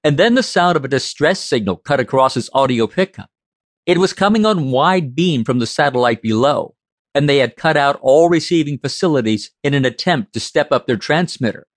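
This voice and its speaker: A man narrating a science fiction audiobook in a steady, measured reading. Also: on the high side, no room sound, studio quality.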